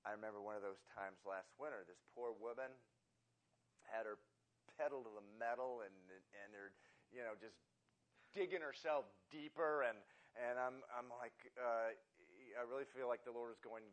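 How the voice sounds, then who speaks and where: A man's voice: medium pitch, moderate pace. A man preaching a sermon, telling a rambling, self-deprecating story full of restarts and asides. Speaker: pastor.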